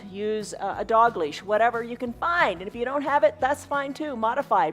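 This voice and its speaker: A woman's voice: medium pitch, fairly bright tone. A woman teaching a live online yoga class, encouraging and upbeat, with laughs between her cues. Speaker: yoga instructor.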